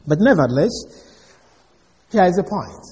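Man preaching a sermon, pretty high voice, swoops up and down, big echoey hall. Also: very animated, moderate pace, a little mellow, lo-fi sound. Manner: emphatic, asks the audience questions.

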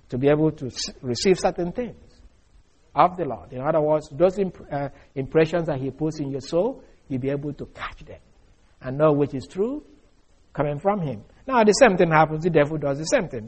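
A man preaching an expository sermon, explaining scripture in a measured, emphatic way with frequent fillers. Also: on the high side, husky. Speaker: preacher teaching Bible study.

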